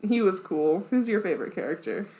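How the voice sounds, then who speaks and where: A woman's voice: medium pitch, animated, fairly quick, dark tone, low-quality recording. A woman co-hosting a podcast in casual chat, talking loosely with lots of "like" and dry quips. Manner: chatty, peppered with "like", dry quips. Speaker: podcast co-host.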